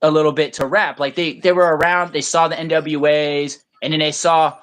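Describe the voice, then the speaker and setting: A man's voice: on the high side, level tone, moderate pace, few pauses, fairly bright tone. Rambling, profane man telling stories. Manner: rambling storyteller, mimics people in silly voices; profane, blunt. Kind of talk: casual chat.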